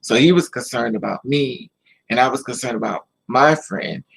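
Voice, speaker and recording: A man's voice: medium pitch, moderate pace, vocal fry, a bit bright, breathy edge, rough recording. A man casually telling a personal story to the camera, repeating himself and quoting the people involved. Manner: repetitive, emotional retelling with quoted dialogue. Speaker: vlogger.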